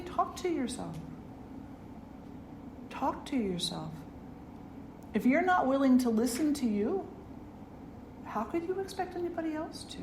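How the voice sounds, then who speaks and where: A middle-aged woman, a spiritual teacher, giving an earnest dharma talk and telling stories with gentle humor. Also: fairly high pitch. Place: ashram hall. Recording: echoey room with faint noise.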